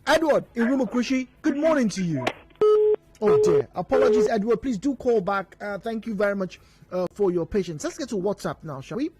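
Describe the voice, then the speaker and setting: A Nigerian man hosting a call-in radio talk show, explaining at length in a measured way and reading listener messages aloud. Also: high-pitched, lively intonation. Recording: dry studio mic with faint music bed.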